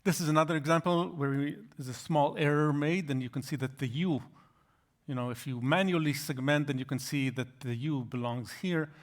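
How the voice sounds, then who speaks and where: A man giving an academic lecture, explaining slides in a halting way with frequent restarts. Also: on the high side.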